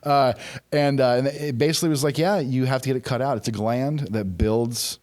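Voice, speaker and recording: A man's voice: medium pitch, steady tone, fairly quick, darkish tone. A man in his forties speaks as a podcast guest in easy, conversational chat. His voice sits in a middle register, and he tells candid, self-deprecating stories full of restarts and asides. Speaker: podcast guest, former pro wrestler.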